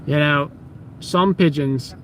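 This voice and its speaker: A man's voice: a little high, a bit bright, slight background noise, pitched below the performer's own voice. A man putting on a mock Australian accent to narrate street pigeons like a nature show. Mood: mock documentary. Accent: put-on Australian. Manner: jokey, drawn-out slangy narration. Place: outdoors on a city street at night.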